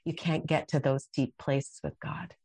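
Low-voiced impassioned woman. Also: steady tone, unhurried, warm tone, husky, dry recording. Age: middle-aged. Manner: impassioned, dramatic acted-out quotes. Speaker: guest speaker. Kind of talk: faith podcast interview.

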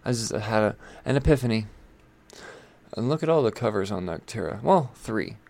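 A man's voice: lowish voice, animated, moderate pace, vocal fry, darkish tone. A man hosting a casual, rambling commentary on new comics, chatty and irreverent, with swearing and asides. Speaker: comic book video host.

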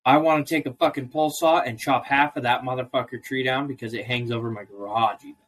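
A man's voice: medium pitch, steady tone, quick pace, a bit bright. A man on a casual podcast, ranting in a profane, storytelling way. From Idaho, US. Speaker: co-host.

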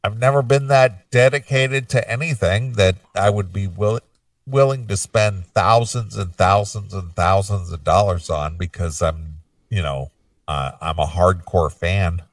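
A man's voice: sits low, a little slow, no echo, far from the mic. Laid-back man co-hosting a metal show. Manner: rambling, laid-back, lots of fillers. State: hiccups. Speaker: podcast co-host. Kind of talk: casual chat.

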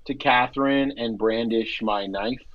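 A male player of medium pitch who describes his moves haltingly, full of ums and uhs. His recording sounds slightly dull and lo-fi. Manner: hesitant, lots of fillers. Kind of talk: casual tabletop play.

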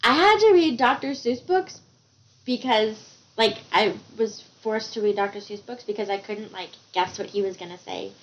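A woman's voice: fairly high pitch, moderate pace, lo-fi sound, a little hiss or hum. A woman co-hosting a casual book chat, enthusiastic and giggly as she chimes in. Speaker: book podcast co-host.

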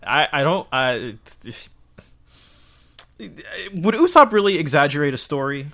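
A man's voice: on the high side, unhurried, creaky. A man co-hosting a podcast, chatting casually about a comic, laughing and saying "like" a lot. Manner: lively, laughing, lots of filler likes. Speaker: podcast co-host.

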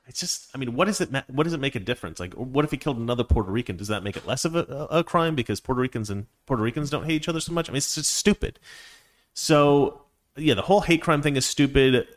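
A man's voice: mid-range voice, lively intonation, fast. A man hosts a livestream from a home studio, reading out viewer messages and answering them. He talks into a desk microphone in an opinionated, rambling way, restarting his sentences often. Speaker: live stream host. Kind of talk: livestream commentary reading super chats.

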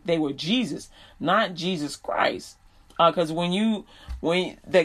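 A woman preaching a sermon, reading scripture aloud and then explaining it in casual street slang. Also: medium pitch.

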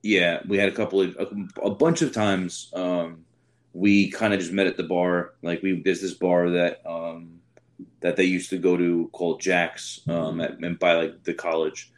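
Deep-voiced casual podcast host. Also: male voice, measured pace. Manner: relaxed, loose questions with fillers. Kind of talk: casual interview chat.

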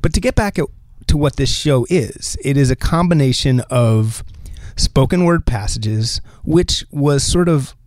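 A man from New Jersey co-hosting a casual discussion, talkative and animated, laughing often. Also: medium pitch, no echo. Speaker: podcast co-host.

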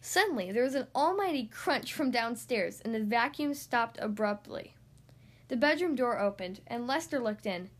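A woman reading a children's picture book aloud, in an expressive, animated way. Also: fairly high pitch, moderate pace. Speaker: reader.

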